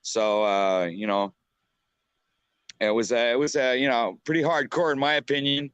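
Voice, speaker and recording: A man's voice: medium pitch, fairly even intonation, moderate pace, a bit bright, smooth, dry recording, highs cut off. A man talking as a guest on a live stream, hesitant and heavy with fillers. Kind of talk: casual chat on a call.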